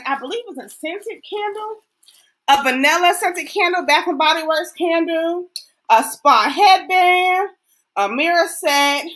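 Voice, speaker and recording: A woman's voice: very high-pitched, pushed and bright. A middle-aged woman host, chatting folksily and talking straight to her viewers. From Texas. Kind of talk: casual livestream chat.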